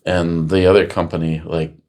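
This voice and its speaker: Low-voiced rambling man telling stories. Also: flat delivery, normal speed. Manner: rambling storyteller acting out quotes loudly. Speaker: podcast host. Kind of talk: casual chat.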